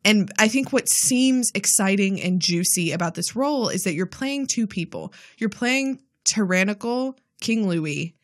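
A woman co-hosting a podcast in casual chat. She is animated, laughs often, and acts out quotes as she talks. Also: mid-range voice, unhurried, few pauses. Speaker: podcast co-host.

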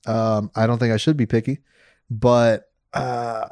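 A man's voice: medium pitch, level tone, a little slow, darkish tone, no room sound. A man co-hosting a podcast in casual comedic chat, crude and joking, laughing often. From part Nicaraguan. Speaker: podcast co-host.

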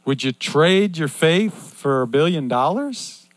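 An older man preaching a sermon in an earnest, repetitive cadence that swings between loud and hushed. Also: fairly high pitch, lively intonation, slow, no room sound.

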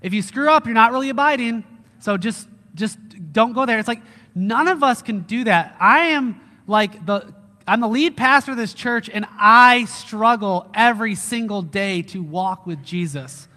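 A man preaching with a high, bright, forceful voice. He speaks casually and with animation, and he acts out excited lines. His voice carries the long reverb of a church hall. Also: a little slow. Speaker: lead pastor. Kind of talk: sermon.

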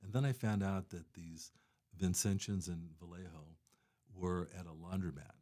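A man's voice: deep voice, moderate pace, warm tone. A man talking casually as a guest about charity work, rambling with many fillers and restarts. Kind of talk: casual conversation.

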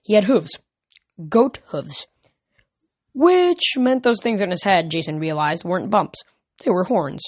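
A man reading a novel aloud as an amateur audiobook, steady with small slips. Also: sits high, measured pace, pauses often, no echo. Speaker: reader.

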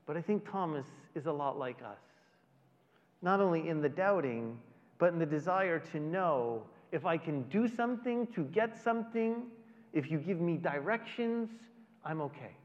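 A middle-aged male pastor preaching a conversational sermon in a church, with dramatic pauses. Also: fairly high pitch, lively intonation. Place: large church hall. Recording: dull audio with long hall reverb.

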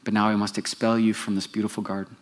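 A man giving voice to God as a stern judge, pronouncing curses slowly and gravely. The voice stays close to his own, measured and solemn. It sounds like a preacher retelling scripture. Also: fairly low pitch, flat delivery, close to an everyday voice. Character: God, stern judging male voice.

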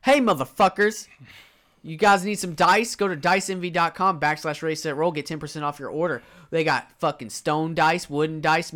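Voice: medium pitch, a bit bright. Brash co-host reading a profane ad. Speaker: co-host reading the sponsor spot. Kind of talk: casual ad read.

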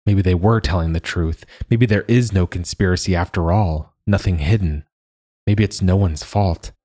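Deep, husky male audiobook narrator. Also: moderate pace, dark tone, no echo, studio quality.

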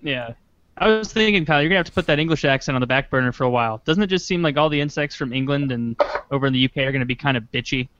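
A man's voice: medium pitch, expressive, rapid-fire, a bit bright, highs cut off, slight background noise. A man in a casual chat, cracking jokes. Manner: wisecracking.

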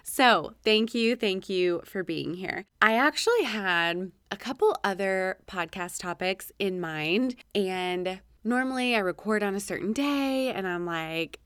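A woman's voice: mid-range voice, animated, a little slow, hardly any pauses, a bit bright, clear, resonant tone, dry recording, clean studio sound. A woman hosting a solo podcast, talking energetically and acting out her own thoughts in quotes. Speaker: podcast host. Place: home office.

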